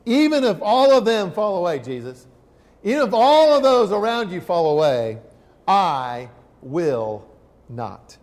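Emphatic impulsive male disciple, a preacher putting him on, high animated voice, hall echo. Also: measured pace. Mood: insistent. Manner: insistent, emphatic. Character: Peter, impulsive loyal male disciple protesting. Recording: long hall reverb.

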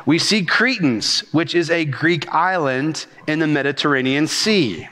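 Animated pastor preaching. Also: male voice, fairly high pitch. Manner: rhythmic, animated preaching with talk of speaking fast. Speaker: senior pastor. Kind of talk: sermon.

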